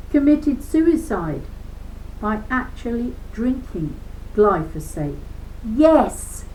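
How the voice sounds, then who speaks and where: A woman's voice: sits high, poor audio. A woman in her seventies reading a book aloud, breaking off into indignant, emphatic commentary and repeating words for force. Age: 70s. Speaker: reader of a book.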